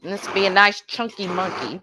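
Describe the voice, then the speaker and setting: A woman co-hosting a cooking livestream from a home kitchen, chatty and excitable, bantering as she cooks. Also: medium pitch, a little fast, background noise. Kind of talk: casual livestream cooking chat.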